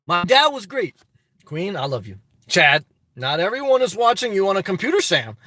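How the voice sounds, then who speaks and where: A man's voice: sits high, sing-song, normal speed, sharp tone. A man reading chat on a phone live stream, talking politics in an emphatic casual way. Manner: emphatic, repeats "okay?" and "good job".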